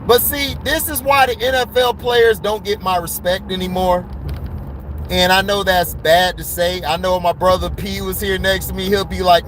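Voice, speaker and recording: A man giving a casual, blunt sports commentary rant, excitable and laughing often between his points. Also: high-pitched, a little slow, slight background noise, poor audio.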